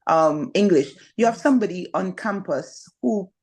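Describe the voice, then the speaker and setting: Woman, Trinidadian accent, slightly low pitch, animated storyteller, casual interview. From Trinidad and Tobago. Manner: animated storyteller, quick bursts, many fillers. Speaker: teacher. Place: living in Shanghai.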